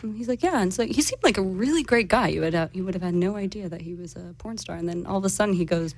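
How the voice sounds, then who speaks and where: A woman's voice: medium pitch, fast. A woman in casual podcast chat, telling a long story with many fillers and restarts.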